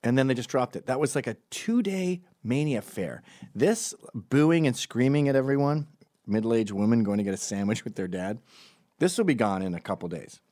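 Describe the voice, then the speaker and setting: With a medium-pitched, mellow, expressive voice at normal speed, a middle-aged commentary show host runs through a comedic opinion monologue. He's sardonic and profane, often mocking people by putting on voices. The audio is clean studio sound with no room sound.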